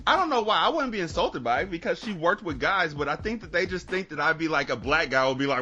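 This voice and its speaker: A man hosts a podcast and spins a story in loose, casual chat. His pitch is lively and rises and falls widely. His voice sounds bright and sharp, and he swears and laughs as he goes. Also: normal speed, dull audio, faint music behind. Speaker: podcast host.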